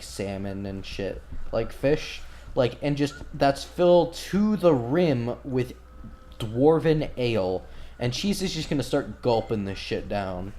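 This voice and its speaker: A man's voice: mid-range voice, warm tone, slight background noise. A man running a tabletop game as game master, narrating casually with many fillers and curses. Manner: casual, filler-heavy, profane.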